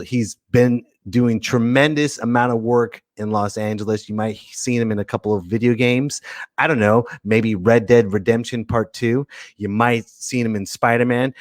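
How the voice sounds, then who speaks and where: A male podcast host in casual live-stream chat, excitable and playful, full of jokey asides. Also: on the low side, no echo, studio quality.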